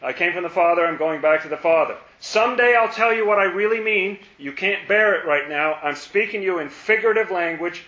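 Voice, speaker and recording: A man teaching a Bible study, playful and animated, acting out the lines he quotes. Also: high-pitched, a little fast, few pauses. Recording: roomy, dull lo-fi.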